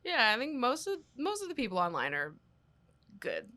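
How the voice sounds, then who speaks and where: Animated, bright-voiced woman guest. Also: a little high, moderate pace. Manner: laughs often, self-deprecating. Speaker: podcast guest. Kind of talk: casual podcast chat.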